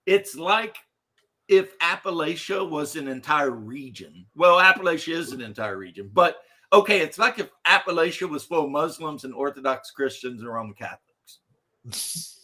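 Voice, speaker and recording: Man, casual chat, fairly high voice, bright and forceful, rambling, laughs a lot. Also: animated, moderate pace. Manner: rambling, laughs often, bursts into shouted imitations.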